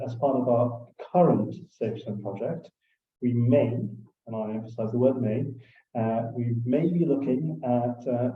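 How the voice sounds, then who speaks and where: A man of middle pitch adds to a webinar answer in a careful, measured way, with many fillers. His voice comes through tinny and phone-like, distant and echoey. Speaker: company guest speaker. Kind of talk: answering audience questions.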